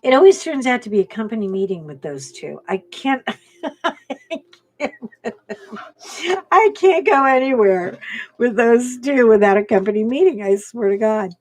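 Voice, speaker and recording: A woman's voice: fairly high pitch, animated, measured pace, pauses often, darkish tone. A middle-aged woman hosting a coloring channel, chatting and telling a family story with laughs while she colors. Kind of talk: casual chat while coloring.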